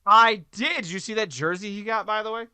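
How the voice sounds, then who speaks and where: A man in his thirties co-hosting a casual hockey podcast, joking and animated, swinging between loud bursts and quiet asides. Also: high voice, brisk, clean tone, no echo. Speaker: podcast co-host, hockey coach. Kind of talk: casual sports podcast chat.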